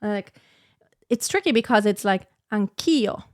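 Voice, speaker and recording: A woman's voice: mid-range voice, animated, a little slow, no echo, clean studio sound. A woman who sings lyric coloratura soprano, talking herself through an aria practice session. She is self-critical and breaks into short sung demos. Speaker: singing teacher practicing an aria. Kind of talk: thinking-aloud practice commentary.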